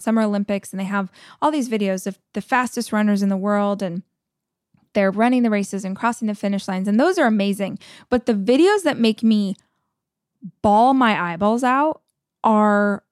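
A woman's voice: mid-range voice, darkish tone, dry recording, studio quality. A middle-aged woman hosting a podcast, giving an earnest, encouraging motivational talk with emotional storytelling. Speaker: podcast host.

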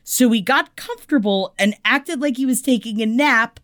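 A woman's voice: a little high, normal speed. Chatty, foul-mouthed woman podcast host. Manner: chatty and profane, swings between loud and soft. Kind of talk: casual pop-culture chat.

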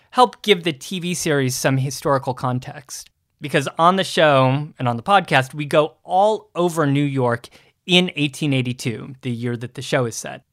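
A man's voice: a little high, a bit bright, no room sound, studio quality. Upbeat man co-hosting a podcast. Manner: upbeat, eager, friendly banter. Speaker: podcast co-host. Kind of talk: casual podcast chat.

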